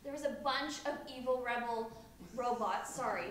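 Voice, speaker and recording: A woman's voice: fairly high pitch, moderate pace, fairly bright tone, lightly acted. A woman acting as a yoga studio worker in live improv theatre. She is chatty and apologetic and stumbles over her words. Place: theatre stage. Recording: very echoey live theatre from far off, faint room noise.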